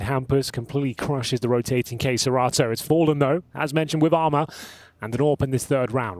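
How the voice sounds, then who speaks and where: A man casting a live esports match, calling the play quickly and analytically. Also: mid-range voice. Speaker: esports caster.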